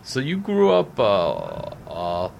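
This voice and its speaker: Curious man asking halting questions. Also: medium pitch, sing-song, creaky, darkish tone, a little hiss or hum. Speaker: interviewer. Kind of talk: casual interview questions.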